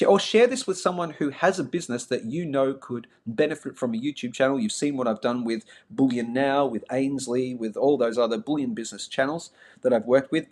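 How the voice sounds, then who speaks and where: Chatty Australian man hosting a live stream. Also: mid-range voice. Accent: Melbourne Australian, mild. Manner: chatty, self-mocking, talks straight to viewers. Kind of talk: casual live-stream chat.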